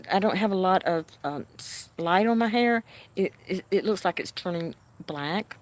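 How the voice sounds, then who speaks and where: A woman hosting a livestream, chatting casually with her viewers and answering their comments in a homey way. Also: fairly low pitch. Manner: unhurried and homey, answering chat comments with frequent soft laughs. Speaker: livestream host.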